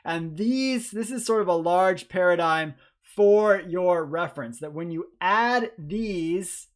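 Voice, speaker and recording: A man's voice: high voice, takes it slowly. A man teaching Greek grammar in a recorded lecture, chatty and informal, with frequent fillers and self-corrections. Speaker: Greek professor.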